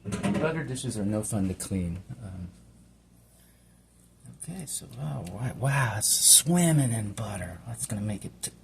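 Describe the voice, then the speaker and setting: Middle-aged male home cook, chatty and meandering, gravelly tone, faint background noise. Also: lowish voice, animated, a little slow. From Hawaii. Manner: chatty, meandering, talks to himself while working. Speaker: home cook and channel host. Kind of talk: rambling casual cooking vlog.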